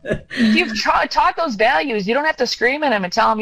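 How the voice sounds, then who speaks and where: An older woman guest giving earnest, heartfelt parenting advice in conversation. She tells animated stories and acts out the quotes. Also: on the high side, normal speed, low-quality recording.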